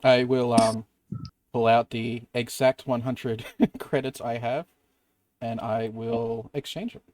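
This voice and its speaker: A man's voice: medium pitch, steady tone, slow pace, darkish tone. Playful man playing a tabletop game. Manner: playful, mixing narration of his moves with in-character lines. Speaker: player.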